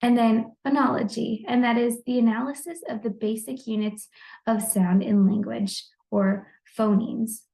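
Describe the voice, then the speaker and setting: Brief: young female student, slightly high voice, friendly and explanatory, informal lesson read. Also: steady tone, a little slow, vocal fry, warm tone, low-quality recording. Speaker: student presenting a discussion post. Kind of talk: informal lesson on the basics of language.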